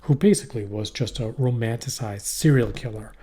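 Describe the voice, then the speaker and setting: Rambling middle-aged man with a dark voice. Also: medium pitch, brisk, breathy edge. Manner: rambling, profane, trails off and restarts. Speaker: podcast co-host. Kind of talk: casual chat. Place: poorly heated shack.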